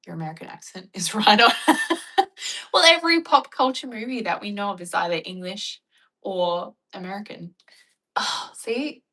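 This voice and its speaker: A young Australian woman chatting casually and bluntly with her viewers, joking and acting out animated retellings. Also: medium pitch, normal speed, rough recording. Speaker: vlogger. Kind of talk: casual chat reacting to viewer comments.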